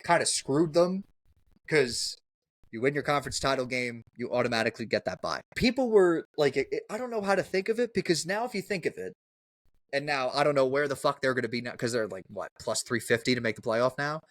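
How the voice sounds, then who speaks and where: A man's voice: mid-range voice, lively intonation, fast talker, no echo. Young guy rambling about football on a podcast, dry close mic, trips over his words. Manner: rambling, restarts a lot, curses casually. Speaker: podcast co-host. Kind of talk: casual sports podcast chat.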